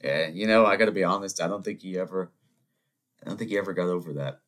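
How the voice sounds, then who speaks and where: Man, very low voice, solo podcast host, rambling animated rant. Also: fast talker. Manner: animated storytelling, rambling asides, mock voices. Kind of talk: solo ranting monologue.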